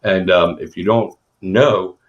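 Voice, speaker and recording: A man's voice: sits low, fairly even intonation, slow, muffled recording. A man hosting a casual interview, blunt and profane, joking as he gives advice. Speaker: podcast host.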